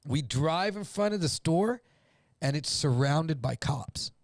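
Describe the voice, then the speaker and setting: A man telling a story in casual chat, animated, acting out voices and swearing freely. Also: a little high, slow pace, no echo, studio quality. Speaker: guest.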